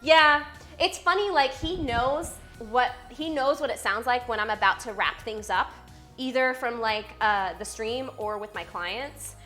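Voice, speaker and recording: Young female streamer, upbeat and playful, higher voice, faint music behind. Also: a little slow, bright, forceful tone. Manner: bubbly, playful, reads chat aloud and answers it. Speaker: fitness streamer and personal trainer. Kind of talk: casual live-stream chat.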